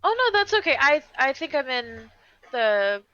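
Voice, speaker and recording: Woman tabletop player, higher pitched, chatty and hesitant, dry close mic. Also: very animated, normal speed, sharp tone, clean tone, no echo, lo-fi sound. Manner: chatty and hesitant, lots of fillers. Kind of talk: casual tabletop game play.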